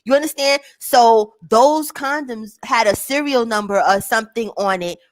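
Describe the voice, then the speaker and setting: A young woman telling a story in an animated way, swearing freely and jumping up into the voices of her family members. Her voice sits a little high. The recording is very dry and close. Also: moderate pace, dry recording. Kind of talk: casual storytelling chat.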